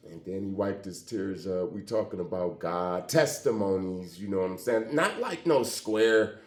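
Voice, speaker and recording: A man telling a personal story in a casual, animated way, often acting out the dialogue. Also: sits low, moderate pace. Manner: animated, conversational, acts out quoted dialogue. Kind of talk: emotional storytelling monologue. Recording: roomy echo.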